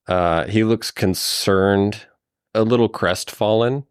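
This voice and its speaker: A man serving as game master, narrating a tabletop game in a relaxed way with frequent fillers. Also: lowish voice, slow pace, smooth, dry recording, clean studio sound.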